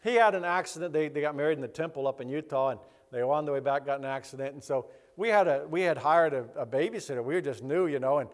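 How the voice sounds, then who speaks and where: Rambling middle-aged pastor, lively storyteller. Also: male voice, on the high side, quick pace, hardly any pauses. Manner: animated, acts out other people's voices; rambling, with many restarts. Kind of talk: personal anecdote storytelling. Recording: long hall reverb.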